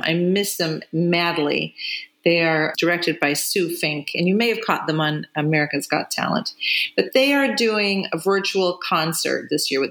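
Lower-pitched woman, gushing podcast host. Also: fairly bright tone. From Los Angeles area. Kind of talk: casual interview chat.

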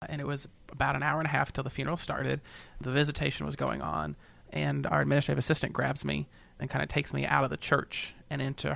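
A man's voice: fairly high pitch, gravelly, a bit bright, no room sound. A male pastor talking earnestly and emotionally in a podcast discussion, building up to a preaching tone at times.

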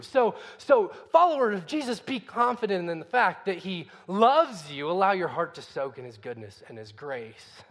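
A man's voice: high-pitched, very animated, normal speed, few pauses, a bit bright, in a large hall. A man preaching a sermon in a conversational way, full of rhetorical questions. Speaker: pastor.

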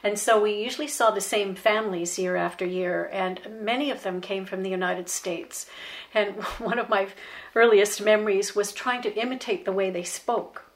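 An older Canadian woman shares childhood memories in an unhurried storytelling way. She laughs lightly now and then as she recalls the past, her voice at an even middle pitch. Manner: warm nostalgic recollection, laughs often. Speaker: interview guest. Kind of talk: reminiscing storytelling.

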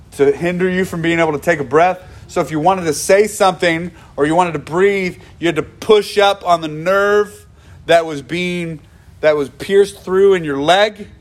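A male pastor delivering a sermon in an earnest voice, repeating phrases for emphasis and often restarting his sentences. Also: on the high side.

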